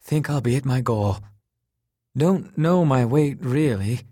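A man's voice: medium pitch, animated, takes it slowly, warm tone, no echo, clean studio sound. A man voicing a frail, exhausted man with a thin, faint, tired voice that trails off weakly. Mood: faintly insisting. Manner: weak and whispery, trailing off.

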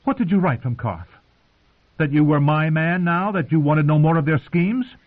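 A man reading aloud, voicing a proud, wounded young queen who asks sharp, accusing questions, heard through narrow phone-like sound. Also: fairly high pitch, expressive, moderate pace, pitched above the performer's own voice. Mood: interrogating.

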